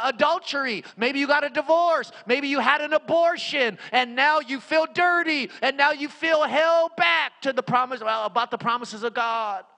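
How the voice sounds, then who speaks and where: High-voiced bright male preacher, reverberant hall. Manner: repetitive, swings between loud and hushed. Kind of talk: sermon.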